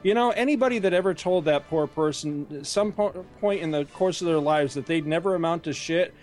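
A man's voice: on the high side, a little fast, a little mellow, faint music behind. Man with wry, crude humor. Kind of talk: casual movie commentary chat.

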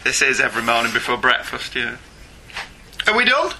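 A man's voice: medium pitch, sing-song, brisk, vocal fry, noisy background. A man co-hosting a comics podcast in casual, teasing banter, laughing often. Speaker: podcast co-host.

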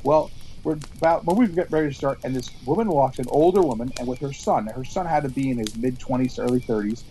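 A podcast co-host tells a story with great animation among friends around an outdoor campfire, acting out the quotes and stammering as he restarts his sentences. His voice sits at medium pitch, and the low-quality recording carries slight background noise.

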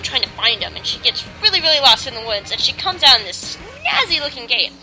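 A young woman hosts a podcast in a casual, bubbly manner, full of filler words. Her voice sits somewhat high. Music plays clearly behind her talk. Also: big pitch swings, brisk, few pauses, poor audio. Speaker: podcast host. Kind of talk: casual review chat.

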